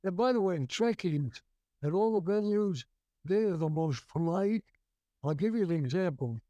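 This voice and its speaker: Older man, dark dry storytelling voice. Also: high voice, lively intonation, normal speed, dry recording, muffled recording. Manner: rambling, many restarts and fillers. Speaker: guest actor. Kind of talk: storytelling interview.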